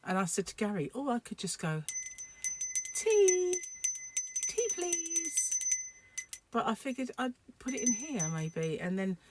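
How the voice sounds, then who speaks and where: A woman's voice: mid-range voice, expressive, brisk, few pauses, noisy background. A sleep-deprived woman, rambling casually to camera in a home vlog, full of fillers and restarts. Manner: rambling, chatty, many fillers. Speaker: vlogger.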